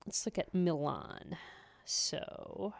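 A woman's voice: fairly low pitch, very slow, vocal fry. A woman co-hosting a radio show in casual chat, chatty and self-mocking, laughing often. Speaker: radio co-host.

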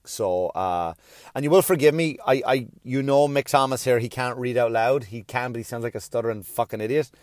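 A man's voice: medium pitch, brisk, a little mellow, dry recording. A middle-aged man talks straight into the mic on his own podcast, in a loose, rambling, self-deprecating way. He stammers and circles back on himself and drops the odd swear word. The sound is close and dry, with no room around it. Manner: stammers and restarts often. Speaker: podcast host. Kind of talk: casual podcast monologue.

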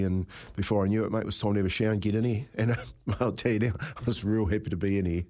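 A man's voice: on the low side, fairly even intonation, quick pace, a little mellow. Laughing radio host man. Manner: laughing, storytelling, says mate a lot. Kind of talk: casual radio banter. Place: radio studio. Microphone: studio microphone.

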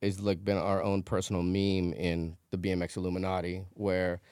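A man co-hosting a casual podcast chat, with quick joking asides. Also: low voice, monotone, a little mellow, clear, resonant tone, no room sound, clean studio sound.

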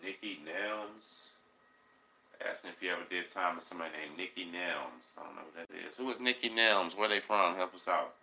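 A man hosting a casual live stream, urging viewers in relaxed slang. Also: low-pitched, fairly quick, slight background noise, low-quality recording.

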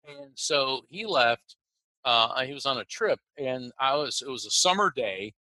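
Male guest, American-born, very bright and crisp tone, animated storyteller who stumbles and restarts often. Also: medium pitch, no echo, rough recording. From United States. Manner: animated, halting with many restarts. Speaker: interview guest. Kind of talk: personal storytelling.

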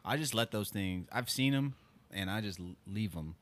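A man's voice: fairly low pitch, animated, moderate pace. A man co-hosting a podcast, casually asking his co-hosts questions in an easygoing way. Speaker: podcast co-host. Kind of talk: casual chat.

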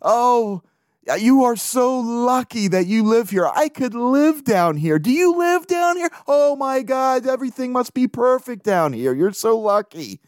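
Man faking a giddy tourist woman, gushing, high swooping falsetto, dry room. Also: sing-song, unhurried, dry recording, heavily acted.

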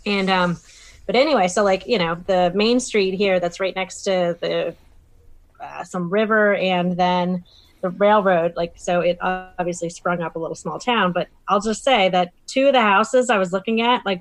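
A woman's voice: mid-range voice, normal speed, no room sound. Chatty woman, close dry mic. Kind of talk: casual chat.

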